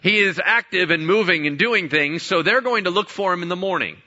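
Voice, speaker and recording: A man's voice: sits high, fairly quick, sharp tone, dull audio. A man preaching a sermon as pastor, conversational, with rhetorical questions and playful asides.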